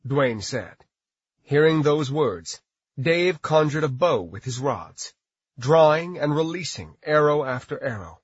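A man's voice: fairly high pitch, a little slow, slightly rough, no echo. A man narrating a fantasy story as an audiobook reader, on a slightly dull recording. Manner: steady storytelling.

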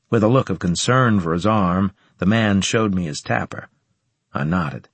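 Male narrator, first-person audiobook, low husky voice, dry close mic. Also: normal speed, no echo.

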